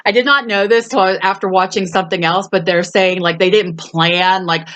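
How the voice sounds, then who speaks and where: A woman's voice: medium pitch, steady tone, normal speed, a bit bright, highs cut off. A woman hosting a casual movie review, retelling scenes with frequent laughs and acting out the quoted lines. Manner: laughs often while talking. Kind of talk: casual movie recap chat.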